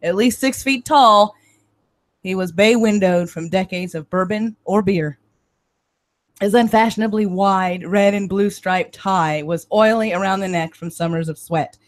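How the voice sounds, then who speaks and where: Woman reading a novel aloud. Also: mid-range voice. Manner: steady first-person narration, measured. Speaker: reader and stream host.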